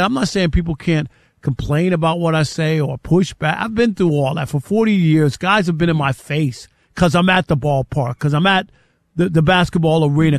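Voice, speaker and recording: An older man talks sports in a loose, rambling way, stumbling over the starts of his sentences. His voice sits high for a man. The sound is dry and close, with no room around it. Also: vocal fry, no echo. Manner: rambling, repeats words when starting sentences. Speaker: sports radio host. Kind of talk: casual sports talk.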